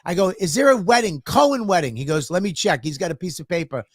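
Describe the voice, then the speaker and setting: A man's voice: high voice, very animated, quick pace, no room sound, studio quality. A man telling a profane, exasperated story on a podcast and acting out both sides of the talk. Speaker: podcast co-host. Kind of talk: animated storytelling.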